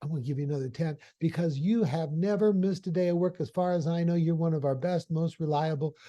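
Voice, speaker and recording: Chatty, apologetic male office boss in a mellow, slightly high voice, giving a review, put on by a male storyteller. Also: fast, muffled recording, close to an everyday voice. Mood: coaxing. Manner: chatty, apologetic, softening bad news.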